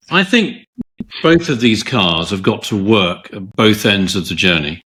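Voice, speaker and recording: Male podcast co-host, low register, loose and rambling. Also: expressive, slow, fairly bright tone. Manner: rambling storyteller, many restarts. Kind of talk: casual chat.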